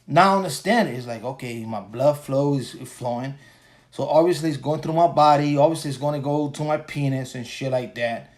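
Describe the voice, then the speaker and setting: On his one-man podcast, a man in his forties vents casually after a draining workday, rambling with crude language and profanity. He speaks a little fast in a medium, darkish voice.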